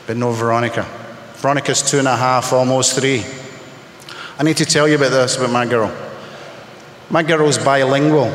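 A man sharing his personal story in a candid, emotional, halting way, speaking as a testimony to a gathered audience. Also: mid-range voice, steady tone, fairly bright tone, a little hiss or hum. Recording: echoey hall with long reverb.

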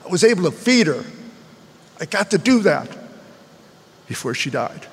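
Earnest older man with a high voice. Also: big pitch swings, normal speed, vocal fry, fairly bright tone, slightly rough, big-room sound. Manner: earnest and heartfelt, repeats phrases for emphasis. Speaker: speaker at a recovery meeting. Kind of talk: personal testimony talk.

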